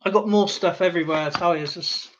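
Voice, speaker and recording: Over background noise and a dull lo-fi recording, a medium-pitched host speaks quickly on a live stream while showing off a coin collection. He rambles casually, addressing the audience directly.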